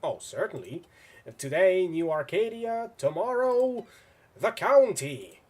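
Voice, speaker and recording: A man voicing an excitable, overly polite male mad-scientist villain in a video game, chirpy and courteous with excited outbursts. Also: a little high, normal speed, breathy edge. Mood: grandiose.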